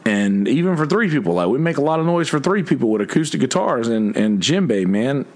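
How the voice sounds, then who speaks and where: A blunt man tells a story straight to his viewers, swearing freely and jumping up in pitch whenever he quotes someone. His voice sits at an ordinary middle pitch, and he talks loosely, like he's venting to friends. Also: sing-song, fairly quick, darkish tone. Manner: profane, blunt, quoting others in a raised voice. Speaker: musician in a two-piece band.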